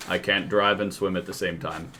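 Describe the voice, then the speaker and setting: A man's voice: low-pitched, steady tone, moderate pace, pushed and bright, a little hiss or hum. A young man chatting casually as a player at a tabletop game, laid-back and drawling.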